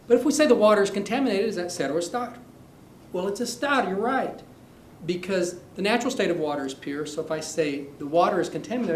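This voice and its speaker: Lively, playful male Spanish teacher. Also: high-pitched. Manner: animated, playful, acts out little scenes. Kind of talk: classroom lesson. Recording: echoey room with faint noise.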